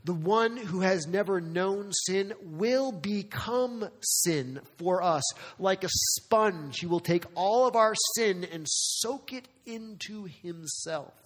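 Dramatic preaching man, higher voice. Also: long reverb tail. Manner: dramatic, emphatic preaching with rhetorical questions; swings between slow weighty phrasing and quick asides. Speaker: pastor. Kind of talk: sermon.

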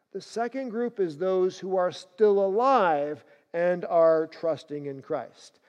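A male pastor delivering a sermon in a fairly high voice, leaning hard on key phrases and climbing to loud peaks. The sound is a bit dull and muffled. Long reverb from a church hall hangs behind every word. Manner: emphatic, rising to loud bursts on key phrases.

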